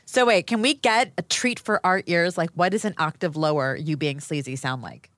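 Low-voiced chatty woman co-host. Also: moderate pace, a bit bright, dry recording. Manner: chatty, fan-like enthusiasm. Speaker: show co-host. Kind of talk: talk show chat.

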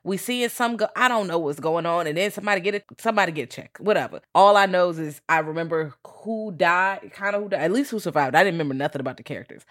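Fairly low-voiced woman, blunt casual chat. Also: quick pace, hardly any pauses, fairly bright tone. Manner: blunt, swears freely, enthusiastic opinions. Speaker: podcast co-host.

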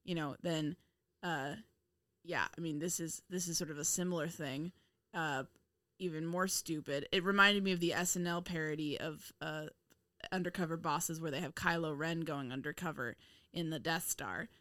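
A woman's voice: low voice, moderate pace, fairly bright tone, no echo, studio quality. A woman co-hosting a podcast, chatting casually about a TV episode, laughing often and teasing with exasperated swearing. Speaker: podcast co-host. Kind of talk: casual chat reviewing a TV episode.

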